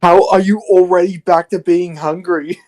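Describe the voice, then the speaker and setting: A man's voice: sits high, fairly even intonation, moderate pace, darkish tone. A man chatting on a game stream, teasing his friend in a mock-menacing way. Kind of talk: casual let's play chat.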